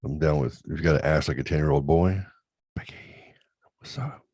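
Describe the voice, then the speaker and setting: A middle-aged man hosting a crude, casual chat show, loud and laughing, often putting on high voices to mimic his kids. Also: brisk, breathy edge, no room sound. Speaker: podcast host.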